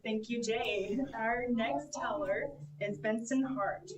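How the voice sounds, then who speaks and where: A woman's voice: a little high, slow, over a noisy crowd. A woman emcee at a library storytelling evening, reading short prepared introductions of each teller. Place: library event room. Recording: roomy echo, distant mic.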